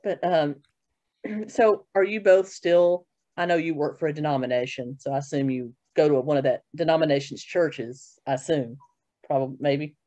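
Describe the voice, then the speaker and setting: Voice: medium pitch, moderate pace, dark tone, dry recording. A podcast host chatting casually with guests, telling stories and laughing often. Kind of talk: casual interview chat.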